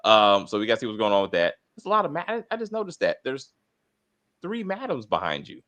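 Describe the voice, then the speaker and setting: A middle-aged man hosting a casual TV review chat, rambling, swearing and talking in an animated way. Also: mid-range voice, fast. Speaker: TV review host.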